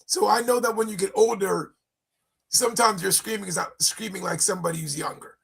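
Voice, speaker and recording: A man with a high, gravelly voice co-hosts a relaxed faith discussion. He jokes, cuts in over the others, and talks with a husky edge. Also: fairly quick. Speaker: podcast co-host. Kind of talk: casual chat.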